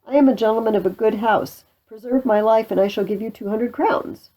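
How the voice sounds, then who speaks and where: Brief: woman reading a scared captured soldier, pleading, slightly higher, mellow. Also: brisk, close to an everyday voice, poor audio. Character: frightened captured male French soldier.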